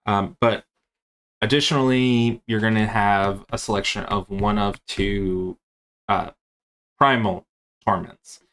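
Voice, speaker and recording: Casual game master, a man with a fairly low voice, talking through a rulebook off the cuff. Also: steady tone, slow pace, a bit bright. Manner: rambling, with many fillers and restarts. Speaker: game master and tabletop game presenter.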